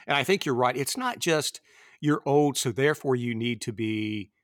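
A man in his fifties talks films on a podcast in a rambling, meandering way, full of fillers and restarts. His voice sits at a middling pitch, recorded close and completely dry. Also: expressive, moderate pace, dry recording. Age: 50s. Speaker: podcast host. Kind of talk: casual film discussion.

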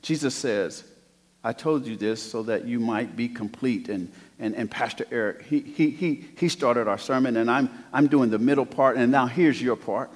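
A man's voice: mid-range voice, moderate pace. Preaching man in a reverberant church. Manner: swings from hushed to loud preaching. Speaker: pastor. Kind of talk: sermon. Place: church sanctuary.

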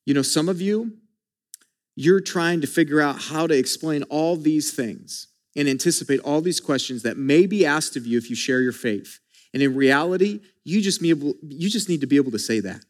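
A man's voice: fairly high pitch, lively intonation, normal speed. A man preaching a sermon as pastor, speaking conversationally and emphatically, with rhetorical questions and frequent restarts.

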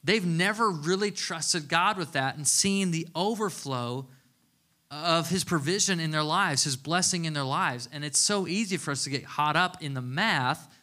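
A man in his thirties preaches in a relaxed, conversational way, telling stories with a playful sense of humor. His voice sits a little high for a man. It has a bright, forceful edge. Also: moderate pace. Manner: casual, chatty storytelling with playful humor. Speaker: pastor. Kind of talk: conversational sermon.

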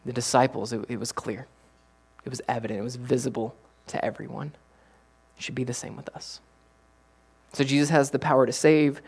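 A middle-aged man preaching as a pastor. His delivery swings from hushed to loud and excited. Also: mid-range voice, brisk, pauses often, slightly rough. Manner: animated preaching with big swings from quiet to loud. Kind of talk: sermon.

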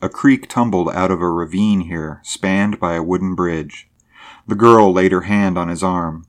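A man reads a story aloud in a steady, measured narration. His voice sits on the low side. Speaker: audiobook narrator. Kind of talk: scripted narration.

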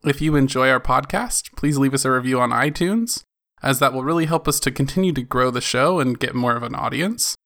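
A man's voice: medium pitch, fairly quick, a bit bright. A man speaking as a podcast host in an upbeat, casual way. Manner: joking, upbeat. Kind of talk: casual chat and podcast sign-off.

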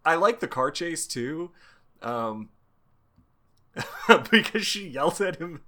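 A man's voice: a little high, lively intonation, slow pace, pauses often, sharp tone. A man co-hosting a podcast, casually retelling a comic scene, acting out the lines and laughing as he goes. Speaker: podcast co-host. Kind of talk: casual chat.

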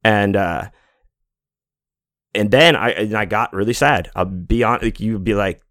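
A man's voice: on the low side, unhurried, fairly bright tone, no room sound, clean studio sound. A man in his forties hosting a podcast, talking in a rambling, casual monologue full of fillers, restarts and swearing. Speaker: podcast host.

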